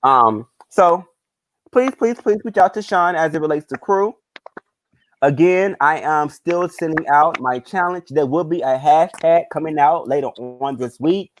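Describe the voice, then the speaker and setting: A man's voice: a little high, unhurried, a little hiss or hum. Rambling man hosting a chat show. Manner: loose, rambling, many ums. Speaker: podcast host. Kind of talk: casual chat.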